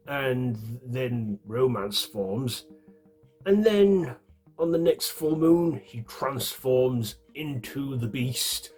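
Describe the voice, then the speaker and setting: Yorkshire guy rambling through a film review, lots of ums, middle pitch voice, bit of music quietly behind. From Yorkshire, England. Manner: rambling, with fillers and self-corrections. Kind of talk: casual spoken film review.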